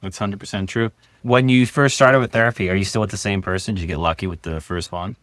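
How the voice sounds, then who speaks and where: A man's voice: deep voice, fairly even intonation, fast, fairly bright tone, no echo, clean studio sound. A man in a podcast conversation who affirms and encourages his partner and asks follow-up questions.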